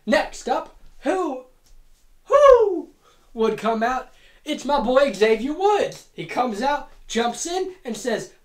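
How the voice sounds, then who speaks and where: A woman hosting a comedic monologue, telling a made-up wrestling card in a profane, excitable, rapid-fire way. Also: high voice. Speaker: host. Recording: roomy echo.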